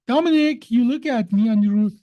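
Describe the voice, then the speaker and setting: A woman's voice: medium pitch, animated, measured pace, highs cut off. A woman explaining how the brain works in a conversation, in an emphatic, teacherly way, often putting questions to the listener. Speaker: science guest explaining the brain.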